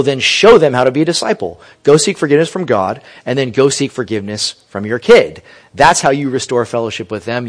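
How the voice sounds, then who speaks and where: A man preaching a sermon, earnest and emphatic, quoting scripture. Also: mid-range voice. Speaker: pastor.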